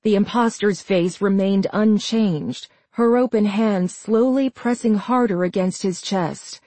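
A woman reading a suspenseful story aloud in a measured, tense storytelling manner. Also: mid-range voice, mellow, no room sound. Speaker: narrator. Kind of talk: scripted audiobook narration.

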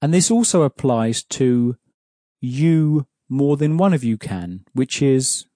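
A man teaching a language lesson, explaining pronunciation patiently and clearly. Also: medium pitch, expressive, slow pace, warm tone, no echo, studio quality. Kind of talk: explaining an audio course lesson.

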